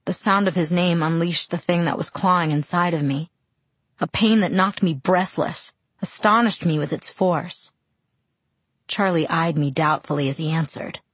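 A woman with a slightly low, husky voice narrates a first-person novel. Her reading is quiet, measured and somber. The recording is dry and close to the mic. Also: dry recording. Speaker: audiobook narrator.

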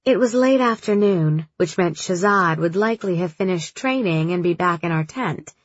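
Woman, audiobook narrator, measured delivery, husky voice, dry, dull recording. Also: fairly low pitch, lively intonation, no room sound. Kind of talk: first-person audiobook narration.

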